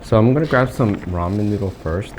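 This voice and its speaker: A man's voice: fairly low pitch, expressive, fairly quick, darkish tone, slight background noise. A man co-hosting a home cooking video, talking through the cooking and tasting in an easygoing way. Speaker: cooking channel co-host. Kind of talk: casual chat while cooking and eating.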